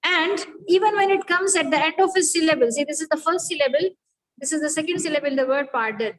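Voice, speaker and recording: A woman's voice: sits high, quick pace, poor audio. A woman teacher giving a phonetics lecture, explaining rules step by step and checking that students follow.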